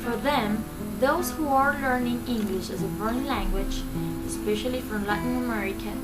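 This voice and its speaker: A woman's voice: fairly high pitch, normal speed, poor audio. A university student woman earnestly presenting her class project in a formal tone. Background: loud guitar music.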